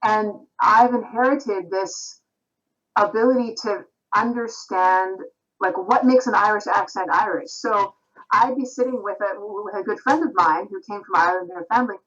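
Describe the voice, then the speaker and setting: A woman's voice: medium pitch, moderate pace, a bit bright, breathy edge. A woman from Canada, a singer-songwriter, talking thoughtfully and reflectively as a guest in a video-call interview. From Canada, Vancouver. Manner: thoughtful, reflective, with frequent restarts. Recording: slightly dull Skype audio.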